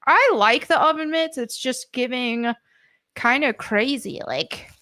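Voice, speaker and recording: An American woman streaming live from home, chatting excitedly as she unboxes collectible figures at her desk mic. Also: high-pitched, measured pace. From United States. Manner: excitable and gushing, with gasps and laughs.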